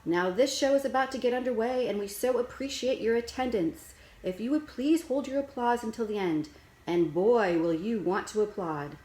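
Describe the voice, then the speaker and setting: A woman's voice: normal speed, a little mellow, reverberant, close to an everyday voice, poor audio. A woman voicing a brash, showy mother who introduces her daughter's performance like a circus ringmaster or a car salesman. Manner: booming ringmaster showman voice.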